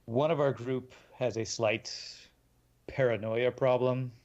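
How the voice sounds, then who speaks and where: Slow-talking man playing a tabletop game. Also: medium pitch, fairly even intonation, a little mellow, lo-fi sound. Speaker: player.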